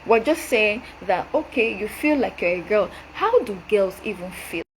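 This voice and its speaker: A young adult woman delivers a direct-address rebuttal in a forceful, lecturing tone. Her voice sits at a middle pitch. A faint background hiss runs under the recording. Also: expressive, moderate pace, rough recording. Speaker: show host.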